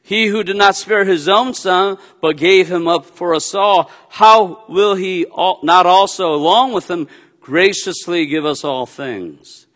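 A man's voice: high voice, a little slow, a bit bright. A middle-aged man, a pastor, preaching a sermon in a conversational way with playful asides. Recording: long hall reverb.

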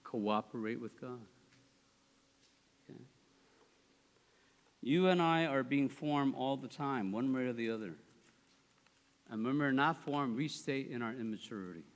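A man preaching a sermon, animated, swinging between loud, high exclamations and quiet, low asides. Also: a little slow, long pauses. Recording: long hall reverb.

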